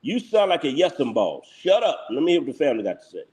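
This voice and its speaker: Philly guy ranting on his livestream, blunt, pitch jumping all over. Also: big pitch swings, fast talker, a little mellow. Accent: Philadelphia. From Philadelphia. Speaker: livestream host. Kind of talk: live reaction commentary.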